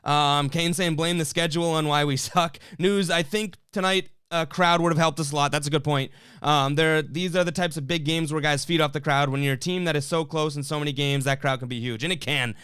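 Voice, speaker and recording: A man hosts a live sports stream, reading viewer comments and venting with lots of restarts and fillers. His voice sits somewhat high and comes through smooth and clear. The sound is close and dry, with no room echo. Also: steady tone, fairly quick, fairly bright tone. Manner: fired-up, rambling, frequent restarts and fillers.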